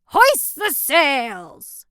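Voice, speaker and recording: A woman voicing a rowdy pirate crewmate, shouting drawn-out pirate calls. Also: sits high, wildly swooping pitch, no echo, clean studio sound, voice pushed up, heavily acted. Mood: hearty shouting.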